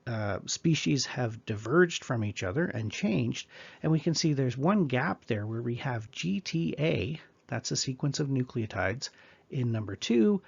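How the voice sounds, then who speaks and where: A man's voice: medium pitch, creaky, slightly rough, dull audio. A man teaching biology in a conversational, explanatory lecture with casual asides. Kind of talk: recorded lecture.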